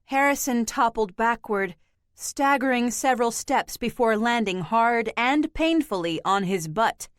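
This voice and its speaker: A woman narrating an audiobook in a slow, measured, even reading. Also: fairly high pitch, no room sound, studio quality. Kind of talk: scripted narration.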